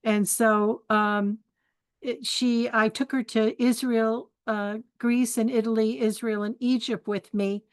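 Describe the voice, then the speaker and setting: Slow, warm-voiced older woman telling stories. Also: a little high, level tone, clean tone, no echo. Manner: chatty and candid, laughs often, gives life advice. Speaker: spiritual forum host. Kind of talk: storytelling talk.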